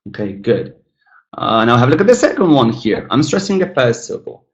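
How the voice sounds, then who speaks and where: A man teaching a live online English lesson, repeating model words and talking directly to viewers in the chat. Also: medium pitch. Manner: lively, demonstrative, repeats model words slowly, talks to chat.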